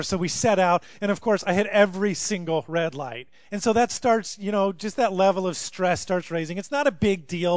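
Male pastor, sermon, high voice, dry sound, lively storytelling, quiet to loud. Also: no room sound.

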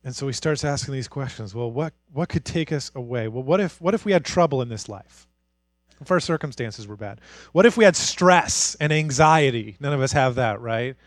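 A man preaching a sermon as pastor, moving from hushed, intimate passages to fired-up, rising declarations. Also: mid-range voice, expressive, normal speed, dry recording. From Canada.

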